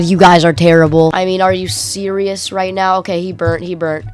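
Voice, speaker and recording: A woman commentating her own football video game match in a slangy, excitable way, her pitch leaping around between quiet mumbles and sharp shouts. Faint game music hums behind her. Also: moderate pace. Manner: excitable, slangy play-by-play, swings from mutters to yelps. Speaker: gaming YouTuber. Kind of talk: live gameplay commentary.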